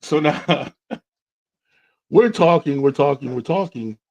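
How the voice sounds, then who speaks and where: A man's voice: fairly high pitch, slow pace, creaky, lo-fi sound. A man hosting a podcast, telling a dating story in casual chat and acting out both sides of the dialogue. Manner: animated storyteller who acts out dialogue. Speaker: podcast host.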